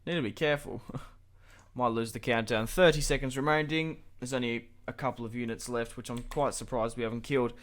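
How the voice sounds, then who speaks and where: A young channel host gives chatty, relaxed commentary over a strategy game, thinking aloud and laughing lightly as he plays. He speaks at medium pitch and a fairly quick pace.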